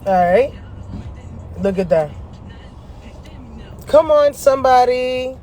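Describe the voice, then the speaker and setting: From the driver's seat of a parked car, a high-voiced man who vlogs about astrology chats to camera at a slow pace over soft background music. His storytelling is animated, slangy, and profane, and he laughs frequently between lines.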